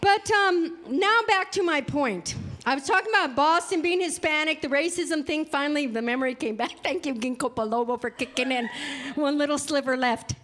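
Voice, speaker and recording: A woman's voice: sits high, normal speed, hardly any pauses, fairly bright tone, a little hiss or hum. A middle-aged woman from New Mexico performing a stand-up comedy set, chatty and self-mocking, acting out what people said to her. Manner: chatty, self-mocking, acts out quoted lines. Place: live comedy venue.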